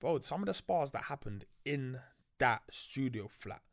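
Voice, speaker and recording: A man's voice: mid-range voice, expressive, unhurried, vocal fry. A young man, a podcast guest telling a story in a loose, slangy way with many fillers. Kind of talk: casual storytelling chat.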